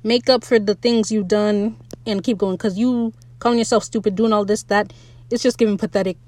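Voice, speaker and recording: A woman giving a casual, opinionated recap of a TV episode, animated and swearing freely, speaking straight to the writers. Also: medium pitch, brisk, no echo. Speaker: show recap podcaster.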